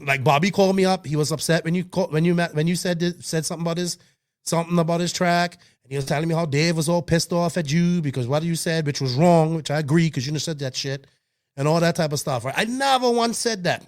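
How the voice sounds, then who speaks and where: A man's voice: fairly high pitch, fairly even intonation, fast talker. A man co-hosting a hobby podcast, talking in a heated, emphatic way that is full of swearing and restarts. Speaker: podcast co-host. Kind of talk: casual podcast chat.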